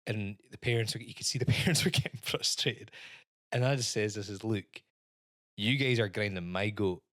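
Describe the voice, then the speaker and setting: A man's voice: on the low side, moderate pace, a bit bright, no room sound, clean studio sound. A man with a Scottish accent, co-hosting a podcast and telling a long holiday story in casual chat, swearing and acting out other people's voices. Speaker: podcast co-host.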